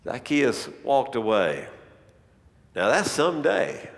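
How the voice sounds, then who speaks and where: A man's voice: fairly high pitch, measured pace, fairly bright tone. A man preaching a sermon as a dramatic story, narrating with a storyteller's pacing. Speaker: pastor. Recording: long reverb in a large hall.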